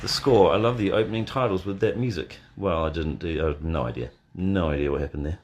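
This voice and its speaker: A man hosting a casual live watch party from bed, answering chat questions in a deadpan, joking way. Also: deep voice, fairly quick, slight background noise. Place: in bed at home. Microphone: phone.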